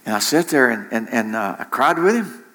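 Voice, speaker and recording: A man's voice: mid-range voice, sing-song, a little fast, fairly bright tone. A man preaching a sermon in an impassioned way, repeating phrases for emphasis. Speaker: pastor.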